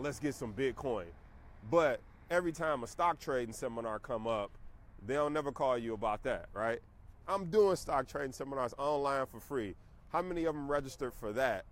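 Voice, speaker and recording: A man's voice: a little high, a little hiss or hum. A middle-aged man, a stock trading teacher, ranting casually and emphatically to his viewers. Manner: emphatic, preachy, conversational. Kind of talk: casual rant to camera.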